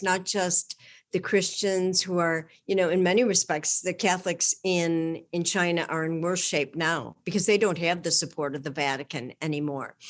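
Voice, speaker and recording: Woman reading a homily out loud, earnest and measured, lowish voice. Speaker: guest.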